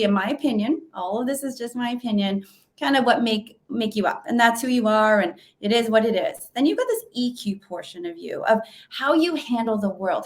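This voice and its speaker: A woman's voice: fairly high pitch, a little mellow. Chatty woman presenting a webinar. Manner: conversational, many fillers and restarts. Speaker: webinar speaker. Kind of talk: virtual presentation talk.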